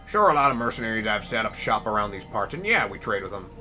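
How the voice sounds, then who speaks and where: Low-voiced, gruff, guarded mushroom farmer from a game, read by a male player; quietly threatening. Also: very animated, quick pace, faint music behind, full character voice. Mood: menacing.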